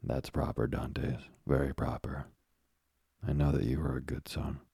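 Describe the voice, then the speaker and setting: A man voicing a kindly, fatherly older ship owner in an audiobook, with a gravelly, husky voice. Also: very deep voice, completely flat delivery, measured pace, mellow, dry recording, clean studio sound, full character voice. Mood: genial. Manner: genial, fatherly. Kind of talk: audiobook character reading.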